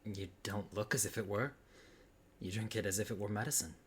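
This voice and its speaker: A man voicing a calm, shrewd young male detective in a low, quiet, even manner. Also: brisk, a little hiss or hum, close to an everyday voice. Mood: dry. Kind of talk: audiobook character voice.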